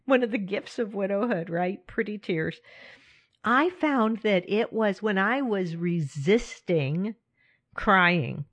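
A woman's voice: mid-range voice, animated, slow pace, a bit bright, no echo. A middle-aged woman hosting a casual self-help talk, speaking candidly and with animation, often laughing and addressing her listeners directly. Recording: dry, slightly muffled recording.

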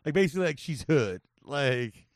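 A man's voice: medium pitch, very animated, normal speed, dry recording, studio quality. A man guesting on a comedy podcast, rambling loosely with lots of "like" and laughter. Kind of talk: casual comedic podcast chat.

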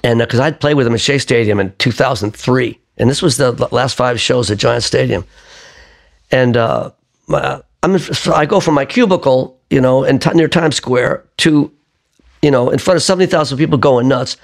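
An older man, a singer-songwriter, telling lively stories in an interview and acting out the voices of the people in them. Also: medium pitch, normal speed, vocal fry. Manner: lively raconteur who acts out quoted voices. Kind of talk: conversational storytelling interview.

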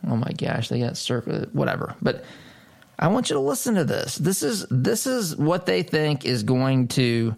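A man's voice: medium pitch, very animated, normal speed, vocal fry, a little mellow. A man hosting a political commentary show, talking emphatically and incredulously, repeating phrases for stress. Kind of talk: opinion commentary monologue.

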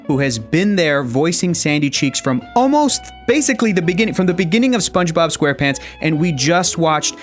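A man's voice: a little high, sing-song, a little fast, few pauses, faint music behind. A man co-hosting a podcast, introducing and interviewing a guest with enthusiasm. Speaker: podcast co-host.

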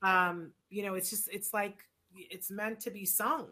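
Bright-voiced woman hosting a chat show. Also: medium pitch, steady tone, a little slow. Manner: opinionated, rambling with restarts. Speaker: show host. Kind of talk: casual chat.

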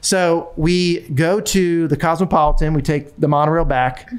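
A man recounts a personal story in relaxed conversation. His delivery is animated, full of stumbles, restarts and repeated phrases as he pushes the story forward. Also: a little high, normal speed, clear, resonant tone. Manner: animated, with frequent restarts and repetitions.

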